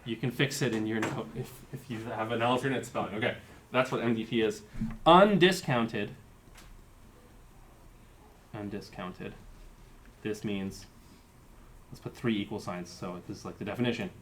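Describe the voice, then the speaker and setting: A man's voice: on the low side, moderate pace, pauses often, fairly bright tone, a little hiss or hum. A man giving a university lecture, explaining terms step by step and thinking aloud with fillers. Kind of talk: live-coded lecture.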